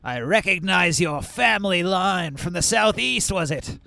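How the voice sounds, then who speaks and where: A man's voice: high voice, expressive, unhurried, gravelly, sharp tone, no echo, voice pushed up, exaggerated voice. Man voicing a proud bugbear warrior chief. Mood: appraising. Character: proud muscular male bugbear warrior leader.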